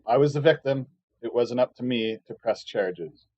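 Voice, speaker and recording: In a casual ranting monologue, a streamer rambles with lots of filler and profanity, often turning sarcastic and mocking. His mid-range voice is a little mellow and moves at a moderate pace. The recording is muffled, with no room sound.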